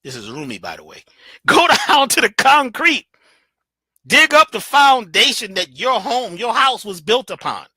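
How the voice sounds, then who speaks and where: A man giving an animated motivational talk as a guest, preachy and emphatic in a colloquial way, playing with his voice. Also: extremely high pitch, measured pace, husky, no echo. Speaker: guest speaker.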